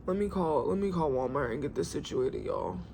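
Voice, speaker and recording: A young woman talks straight to her camera at home, rambling and venting in relaxed slang. Her voice has a gravelly, creaky texture. Faint background noise sits under the talk. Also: deep voice, moderate pace. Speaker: vlogger. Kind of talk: casual vlog chat.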